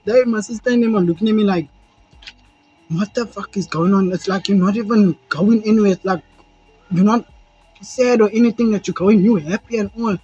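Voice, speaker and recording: A young South African man telling a rambling, animated story to camera, swearing freely and acting out moments as he goes. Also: high-pitched, fairly quick, breathy edge. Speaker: vlogger. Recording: dull lo-fi sound with faint music.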